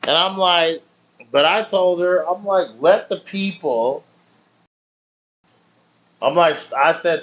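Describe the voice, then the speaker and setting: A man's voice: fairly high pitch, slow pace, pauses often, a bit bright. A man streaming, telling rambling stories in loose slang with plenty of swearing. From family in Nigeria. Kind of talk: casual chat with stream viewers.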